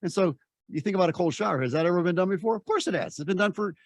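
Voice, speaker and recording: An older man with a fairly high voice talks as a mentor in a casual chat. He is emphatic and often restarts and repeats himself. The sound is dry and close, with no room around it. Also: very fast, no room sound. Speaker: personal development mentor.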